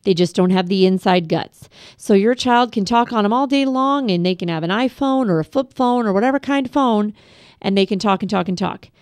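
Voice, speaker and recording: A middle-aged woman giving a parenting class over a webcast, calm and practical, speaking straight to parents with advice. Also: medium pitch, a little fast, clean tone, dry recording, studio quality. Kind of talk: instructional webcast talk.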